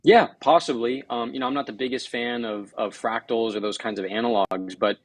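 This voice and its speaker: A man's voice: medium pitch, fairly even intonation, fairly quick, no echo. A man as an interview guest, explaining market data fluently and step by step. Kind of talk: casual interview commentary.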